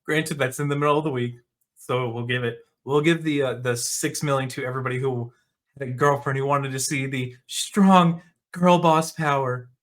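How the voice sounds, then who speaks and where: A man's voice: medium pitch, steady tone, moderate pace, fairly bright tone. A man hosting his own casual movie commentary, talking in a sarcastic, mocking way.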